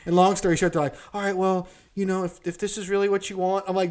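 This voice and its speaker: A young man with a slightly high voice tells a story on a casual podcast. He swears freely and acts out every line of dialogue with lively energy. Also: fast talker, few pauses. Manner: profane, animated storyteller who acts out quotes. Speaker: podcast co-host.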